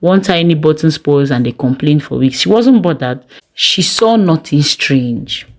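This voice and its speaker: A woman narrating a scripted story in a measured, gently expressive way. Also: low voice. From Nigeria.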